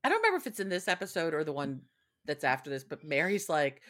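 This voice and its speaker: A woman's voice: sits low, huge pitch swings, fast, a bit bright. A woman co-hosting a podcast, trading dry sarcastic quips in casual recap chat. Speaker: podcast co-host.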